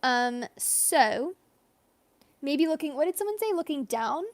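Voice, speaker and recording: A young female artist chats casually with livestream viewers while drawing, rambling and reading comments aloud at a measured pace. Her high voice is animated, and there's no echo.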